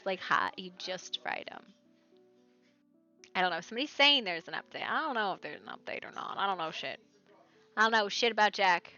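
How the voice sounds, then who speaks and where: Bright-voiced woman streamer chatting w chat, gets loud then quiet, bit muffled mic, faint music behind. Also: medium pitch. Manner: excitable, laughing, swings loud and soft. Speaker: live streamer. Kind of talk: casual chat with stream viewers.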